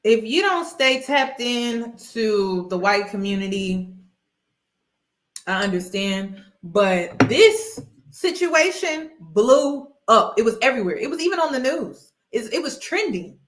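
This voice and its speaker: Woman vlogger, fairly high voice, echoey room, emphatic, casual commentary. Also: sing-song, unhurried. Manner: emphatic, repeats points, addresses viewers as y'all.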